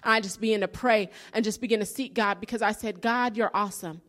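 A woman's voice: medium pitch, fast talker, fairly bright tone. A woman giving an earnest sermon-style testimony, telling her story and rising into preaching emphasis.

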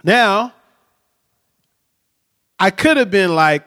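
Male pastor, high voice, chatty storytelling sermon, reverberant church sound. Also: measured pace, long pauses, fairly bright tone. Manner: storytelling, frequent "right?" tag questions. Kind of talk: conversational sermon. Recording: long hall reverb.

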